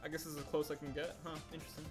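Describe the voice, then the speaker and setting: High-voiced chatty male streamer. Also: flat delivery, rapid-fire, soft background music. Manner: rambling, self-correcting, chatty. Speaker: stop-motion animator livestreamer. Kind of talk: casual livestream chat while working.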